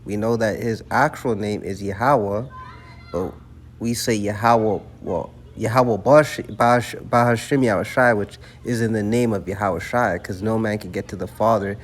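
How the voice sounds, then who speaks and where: A man's voice: fairly low pitch, steady tone, measured pace. A man giving profane religious commentary, preaching emphatically and peppering it with rhetorical "right?" and "man". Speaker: online commentator.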